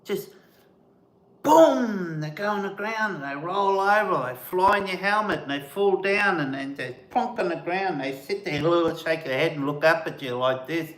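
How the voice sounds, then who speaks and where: A man hosting a live stream, telling casual stories in an animated way and mimicking sounds as he goes. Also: a little high, moderate pace, hardly any pauses, echoey room. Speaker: host of a camping channel, live stream.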